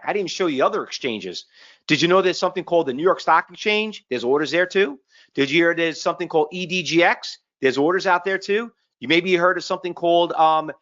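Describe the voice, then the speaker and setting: A brash trading educator talks through charts in a live webinar, firing one rhetorical question after another. The voice sits at a middling pitch. The audio is dull and lo-fi, like a streamed online session. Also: a bit bright. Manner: punchy, street-smart, full of rhetorical questions and tag "okay?".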